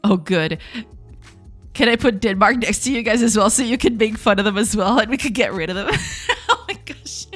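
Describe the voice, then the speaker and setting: Giggly woman streamer, lively voice. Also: mid-range voice. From Portugal. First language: Portuguese. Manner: giggly, reads chat aloud and answers it. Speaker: game dev streamer. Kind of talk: casual live-stream chat.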